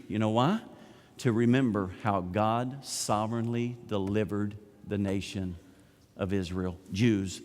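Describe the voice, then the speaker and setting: Pastor retelling a story in a hall. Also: male voice, on the low side. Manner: animated retelling, acting out characters' lines. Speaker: senior pastor. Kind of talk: sermon storytelling. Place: large church sanctuary. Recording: long church hall reverb.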